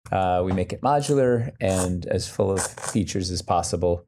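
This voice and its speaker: An excitable man with a very deep, dark, mellow voice, talking as a guest on a casual podcast. He rambles and restarts his sentences in his eagerness to explain things. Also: moderate pace, slight background noise. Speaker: podcast guest, creative director.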